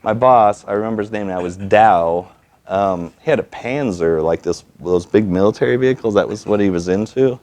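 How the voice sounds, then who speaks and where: A man at a storytelling event, telling a personal story in an animated, self-mocking way and acting out the people he quotes. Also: fairly low pitch, normal speed.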